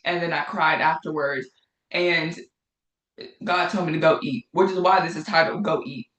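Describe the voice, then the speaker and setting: A woman's voice: low-pitched, fairly even intonation, moderate pace, fairly bright tone. Woman leading a casual Bible study. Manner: conversational, repeats phrases for emphasis. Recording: echoey room.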